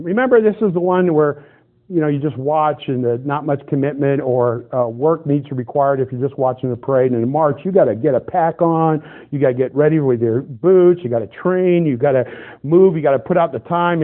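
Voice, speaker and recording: Man, middle-aged pastor, sermon, animated storytelling, slightly high voice, tinny narrow sound. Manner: animated storytelling, shifts to loud excited outbursts. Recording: tinny phone-like band.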